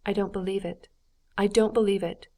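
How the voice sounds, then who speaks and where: A woman's voice: medium pitch, flat delivery, moderate pace, mellow, lightly acted. A woman voicing a distressed noblewoman pleading for her friend in an audiobook, earnest and lifted in tone. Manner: earnest, pleading, raised and tearful. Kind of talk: audiobook character reading.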